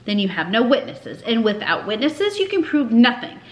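A woman's voice: fairly high pitch, very animated, moderate pace. A woman voicing a stern, sarcastic old male schoolteacher who snarls and commands. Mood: lecturing. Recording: echoey room.

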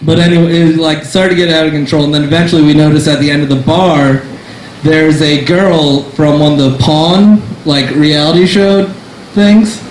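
A man's voice: fairly high pitch, steady tone, moderate pace. Young man rambling through a stand-up story. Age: young adult. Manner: rambling, self-deprecating, many fillers and restarts. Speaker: stand-up comedian. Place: small cafe comedy room. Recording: echoey room with faint noise. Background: audience laughter.

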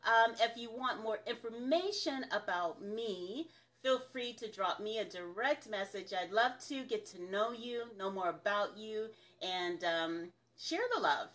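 Bright-voiced woman hosting a livestream. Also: mid-range voice, measured pace. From American South. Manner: chatty and upbeat, laughs often. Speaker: host of a business coaching livestream. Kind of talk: casual livestream talk to viewers.

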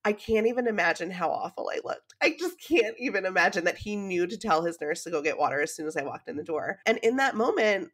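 Animated woman telling a personal story. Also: medium pitch, fast, few pauses. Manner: animated, emotional, laughs often. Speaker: podcast guest. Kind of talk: conversational storytelling.

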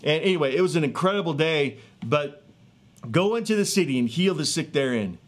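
A man in his thirties or forties, a street evangelist telling a healing testimony in an earnest, excitable way with many fillers and restarts, outdoors in a neighborhood. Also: a little high, a little fast. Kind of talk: animated testimony storytelling.

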